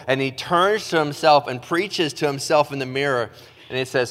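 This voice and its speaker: A man preaching a sermon as pastor, in a casual, self-deprecating way full of "like" and restarts, reading scripture slowly. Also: mid-range voice, a bit bright. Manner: casual, self-deprecating, talks with his hands in filler words. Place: church stage. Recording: long hall reverb.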